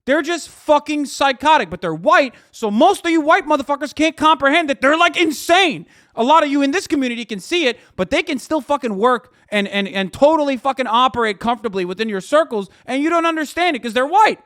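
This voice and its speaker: A man in his thirties rants on a live stream with a profane, sarcastic edge. His voice sits high for a man and comes through close and dry, with no room at all. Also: lively intonation, a little fast, few pauses, a bit bright, no room sound. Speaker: streamer reacting to news. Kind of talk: ranting casual commentary.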